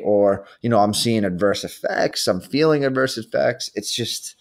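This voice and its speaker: A man co-hosting a podcast who talks in a loose, rambling way. He fills his speech with "like" and "you know" and throws in quick asides. His pitch is in the ordinary middle range. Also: darkish tone. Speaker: podcast co-host. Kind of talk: casual chat.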